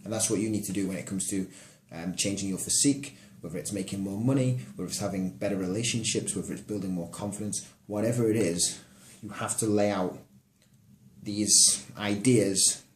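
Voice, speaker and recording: A man's voice: on the low side, fairly even intonation, brisk. A man giving casual fitness coaching advice straight to the listener, emphatic and direct. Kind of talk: casual advice monologue to camera. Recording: echoey room.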